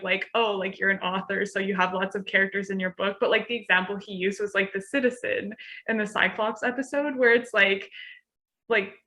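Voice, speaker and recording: A young woman with a bright, forceful voice talks about a novel in loose, casual conversation. She leans on "like" constantly as she thinks aloud. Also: mid-range voice. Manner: chatty, heavy use of "like". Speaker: podcast guest. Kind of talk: casual literary discussion.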